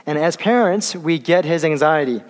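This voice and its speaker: A man preaching a sermon, speaking haltingly with many fillers and restarts and slowing down for emphasis. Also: on the high side, expressive. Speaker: pastor. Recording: long hall reverb.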